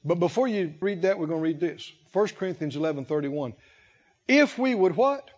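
A male pastor preaching a sermon, speaking slowly and with emphasis, pausing to let the congregation fill in key words. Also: high-pitched, lively intonation. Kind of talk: sermon with call-and-response. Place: church sanctuary. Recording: lo-fi with long hall reverb.

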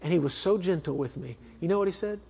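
A man preaching a sermon as a minister, telling a personal story in an earnest way that swings between fervent and hushed. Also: high-pitched, fast, vocal fry. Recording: echoey hall, dull sound.

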